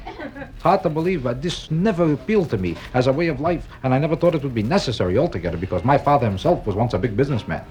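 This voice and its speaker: A man doing stand-up comedy on a nightclub stage, with a deadpan, kvetching, sing-song delivery. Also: medium pitch, fast, poor audio. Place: nightclub stage before a live audience. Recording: 1962 live album with audience noise.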